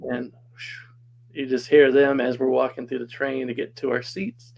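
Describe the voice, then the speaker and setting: A man's voice: mid-range voice, level tone, moderate pace, creaky, a little mellow, a little hiss or hum, poor audio. A man casually telling a personal story as a podcast guest, chatty and laughing often.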